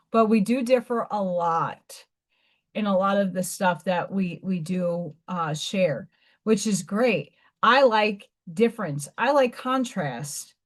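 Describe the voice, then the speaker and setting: A woman with a New York accent hosting a live stream, chatting casually and rambling with many restarts. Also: a little high. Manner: rambling, loose chat with many restarts and fillers. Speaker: livestream host.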